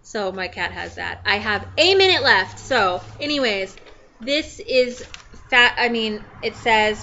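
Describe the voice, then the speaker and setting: Bright-voiced young woman in a home vlog. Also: on the high side, animated, a little slow, lo-fi sound, a little hiss or hum. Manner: chatty, warm and tender, talking to the camera. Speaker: vlogger. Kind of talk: personal video message to family.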